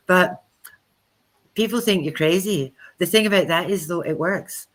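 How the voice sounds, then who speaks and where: A woman's voice: fairly low pitch, unhurried. A woman co-hosting a live spiritual chat, telling chatty anecdotes and acting out the quoted speech. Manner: chatty storyteller who acts out quoted speech. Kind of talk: casual live-stream talk.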